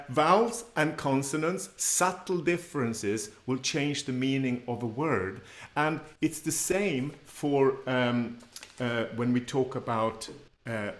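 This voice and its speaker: Slow, patient male teacher. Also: medium pitch, fairly bright tone, reverberant. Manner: patient, laughs often, models words slowly. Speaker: Swedish language teacher. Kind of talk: live classroom presentation. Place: presentation room with slides.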